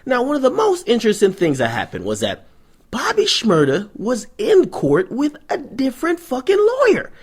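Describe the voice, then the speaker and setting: A man's voice: very high voice, huge pitch swings, moderate pace, husky. A young adult man hosting a vlog, ranting through hip-hop news commentary in a profane, sarcastic, storytelling manner.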